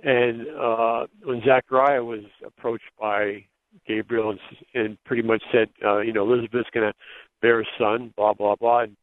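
A man's voice: mid-range voice, steady tone, moderate pace, dry recording. A man calling in to a radio show, asking a long, rambling question with hesitations. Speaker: caller. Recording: dry, tinny phone line.

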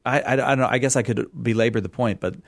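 A man's voice: mid-range voice, no room sound, clean studio sound. Laughing, rambling middle-aged man. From California. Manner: rambling, self-deprecating, quick to laugh. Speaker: radio guest. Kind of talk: casual interview chat.

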